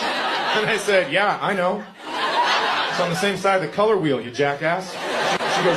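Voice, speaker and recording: Stand-up comic, man in his forties, high voice, wry storyteller; noisy live recording. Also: expressive, normal speed, reverberant. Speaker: stand-up comedian. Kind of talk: stand-up routine.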